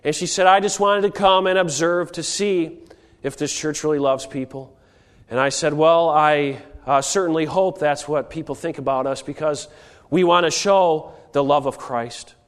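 A man's voice: fairly high pitch, normal speed, smooth, in a large hall. A man with a cold, preaching an earnest missionary sermon with frequent hesitations and rising calls to action. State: has a cold.

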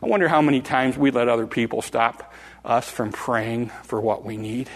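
An older man preaching a sermon, dramatic and animated, acting out voices from the story. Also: mid-range voice, moderate pace, long reverb tail. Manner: dramatic, acts out the crowd and beggar in rising calls.

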